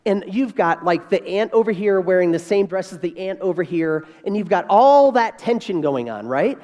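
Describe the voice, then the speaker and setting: A man of about fifty giving a keynote speech as an animated storyteller who repeats key phrases for emphasis. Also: high voice, moderate pace. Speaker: keynote speaker. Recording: reverberant hall.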